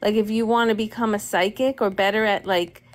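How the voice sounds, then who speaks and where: Relaxed, agreeable female co-host. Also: mid-range voice, brisk. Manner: relaxed, agreeable, shares things she heard. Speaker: co-host guest. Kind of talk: casual livestream chat.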